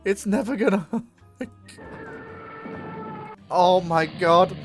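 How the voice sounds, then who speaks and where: This is a streamer talking through a naval strategy game live, drawing the words out slowly. Excitement keeps breaking through in loud exclamations. Faint game music hums along behind the voice. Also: mid-range voice.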